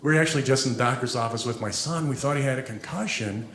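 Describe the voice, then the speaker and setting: A man performing a stand-up comedy set, telling stories about his family in an animated way. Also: medium pitch, fast talker, reverberant, heavy background noise. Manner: animated storytelling, acting out quotes.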